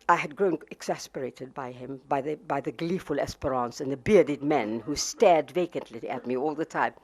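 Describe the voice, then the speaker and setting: A woman's voice: deep voice, lively intonation, moderate pace, hardly any pauses, slightly rough. An older woman from Palestine reading from her memoir in a wry, anecdotal way. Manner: wry, anecdotal, with fillers and laughs. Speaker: author.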